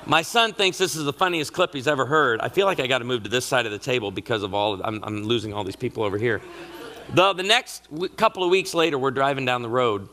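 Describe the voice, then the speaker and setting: A man's voice: medium pitch, fast, a little hiss or hum. A middle-aged man giving a humorous sermon-style talk at a marriage conference, telling family stories with comic asides. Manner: animated storyteller with comic asides.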